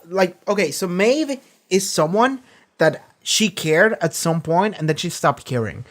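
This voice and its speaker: A man hosting a reaction video, retelling scenes in a loose, profane way full of fillers. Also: fairly high pitch. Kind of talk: casual reaction commentary.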